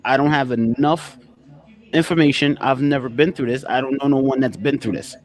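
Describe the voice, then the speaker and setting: A man in casual podcast talk, animated and swearing, who acts out other people's lines and repeats words as he speeds up. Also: medium pitch, fairly quick.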